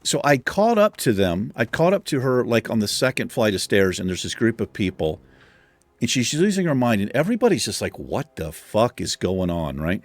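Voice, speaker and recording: A man's voice: mid-range voice, very animated, brisk, no echo. Profane man telling a story, dry sound. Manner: profane, exasperated anecdote telling. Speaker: gaming channel host. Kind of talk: casual storytelling over gameplay.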